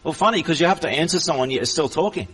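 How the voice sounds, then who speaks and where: Fast, insistent Australian man. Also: a little high, animated, a loud crowd. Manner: insistent, repeats challenges, coolly mocking. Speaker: self-described group founder. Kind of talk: heated voice-chat argument.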